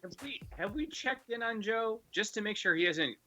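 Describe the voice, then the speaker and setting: A man's voice: high-pitched, expressive, moderate pace, sharp tone. A man co-hosting a casual podcast chat, teasing the others and hyping things up in a playful, mock-grand way.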